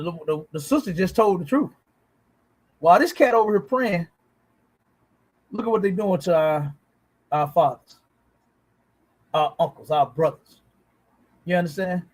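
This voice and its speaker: Blunt high-voiced man, preachy commentary. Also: low-quality recording. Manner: blunt, preachy, swears, asks "you understand?". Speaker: host reacting to clips. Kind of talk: casual commentary on a livestream.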